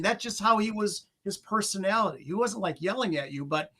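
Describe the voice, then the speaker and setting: Bright high-voiced man telling stories. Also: unhurried, long pauses, slight background noise. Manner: animated storyteller, laughs often. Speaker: guest. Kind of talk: casual conversation.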